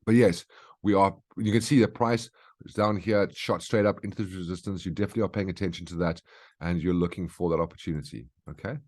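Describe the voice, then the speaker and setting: Low and steady, with a darkish tone, this man moves at a quick clip. He's a market analyst hosting a daily brief, going over price charts live in an easygoing, teaching style and regularly dropping in an "okay?".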